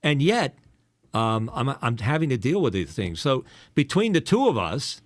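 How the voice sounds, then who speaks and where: A man's voice: medium pitch, sing-song, moderate pace, dry recording. An older man from the eastern United States, a former radio DJ hosting a casual podcast chat. He has a polished radio voice and a teasing, rambling way of talking with lots of fillers.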